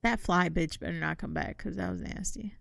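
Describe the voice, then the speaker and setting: In a fairly low, gravelly, slightly bright voice at normal speed, a young woman streams a horror game in studio-quality audio with no room sound. She chats casually with viewers, swearing and using slang, and shrieks when something startles her.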